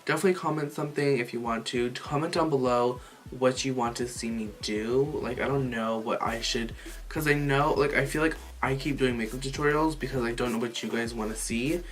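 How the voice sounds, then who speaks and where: A man's voice: medium pitch, a little fast, a bit bright. A man chatting casually through a makeup tutorial, swearing freely and filling with "like" and "you know". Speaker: makeup vlogger.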